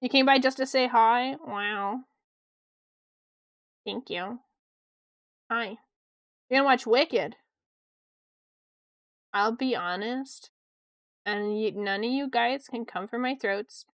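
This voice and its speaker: Young woman art streamer, casual and excitable, swears freely; clear, slightly high voice, dry close mic. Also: slow, long pauses, dry recording. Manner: chatty, excitable, swears casually, reads chat aloud. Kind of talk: casual chat while drawing on stream.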